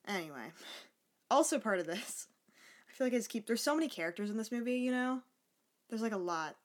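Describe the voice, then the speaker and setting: A woman's voice: fairly high pitch, lively intonation, brisk. A woman in casual podcast chat, retelling a film's plot in a chatty, sarcastic way and swearing casually. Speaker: podcast co-host. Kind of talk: casual movie recap chat.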